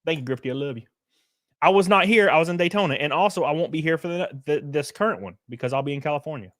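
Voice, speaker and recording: A man's voice: a little high, quick pace, no room sound, studio quality. Joking man streaming. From Alabama. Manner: loud, joking, reads chat. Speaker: streamer host. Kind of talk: casual livestream commentary. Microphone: headset.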